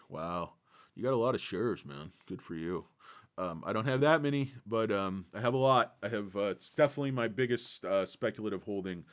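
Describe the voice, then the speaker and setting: A man's voice: fairly low pitch, clear, resonant tone. A man hosting a casual livestream, rambling and swearing freely, and saying he is tired. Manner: rambling, profane, digressive. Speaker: livestream host.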